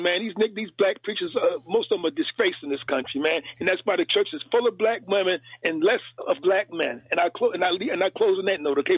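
A man's voice: high-pitched, breathy edge, no echo. A man calling in to a radio show, ranting heatedly and repeating himself. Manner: heated, rapid, repetitive ranting. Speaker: caller. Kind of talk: call-in radio rant. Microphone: telephone. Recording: dry, tinny phone line.

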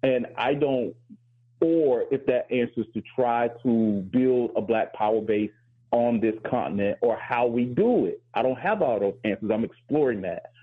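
A man's voice: medium pitch, normal speed, slightly rough, narrow, tinny audio. A male professor hosting a talk show, speaking candidly and reflectively with frequent restarts. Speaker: host and professor.

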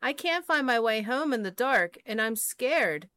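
A tiny lost girl piglet from a storybook, high and small, swooping between sobbing and squealing with delight, as a woman puts her on. The voice is bright and sharp and dry, close to the mic. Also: expressive, a little slow, no room sound. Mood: tearful. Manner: small pleading voice, pitched up high. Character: scared little girl piglet, weepy then joyful.

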